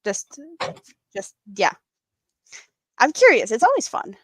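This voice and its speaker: A woman speaks English with a Swedish accent, sometimes stumbling and searching for the right words. Her voice sits a little high. The sound is close and dry, with no room echo. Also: wildly swooping pitch, takes it slowly, fairly bright tone, slightly rough. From Sweden. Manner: searches for words, restarts often, laughs easily. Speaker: guest crocheter. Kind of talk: casual livestream chat.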